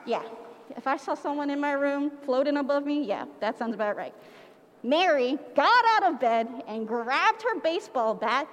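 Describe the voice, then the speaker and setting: Animated high-voiced woman leading a church pageant. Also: moderate pace, long reverb tail. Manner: animated, playful, coaxing the audience to join in. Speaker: children's pageant leader at church. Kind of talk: interactive storytelling for children. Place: church sanctuary.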